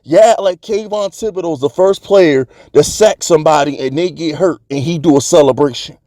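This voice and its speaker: A man's voice: on the high side, normal speed, dark tone, no echo, studio quality. A man hosting his own sports channel, delivering a heated, fired-up commentary rant in streetwise slang.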